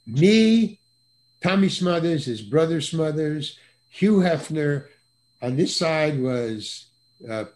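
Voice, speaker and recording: An older man with a slightly raised voice spins anecdotes over a video call. He trips over restarts, doubles back, then bursts into lively voices for the people in his tale. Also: on the high side. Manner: animated, stammering restarts, acts out others' voices in quotes. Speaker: guest actor. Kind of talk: casual anecdotal storytelling.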